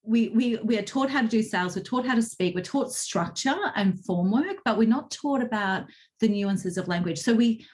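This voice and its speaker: A woman's voice: on the high side, moderate pace, darkish tone. A woman coach telling stories animatedly in a casual interview, acting out quotes with bursts of laughter. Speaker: guest, communication coach.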